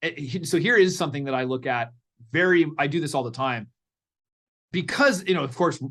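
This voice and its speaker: A middle-aged man, a parenting coach guest in a podcast interview, telling stories in an animated way and acting out what people said. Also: a little high, fairly quick. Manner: animated storyteller, acts out quotes.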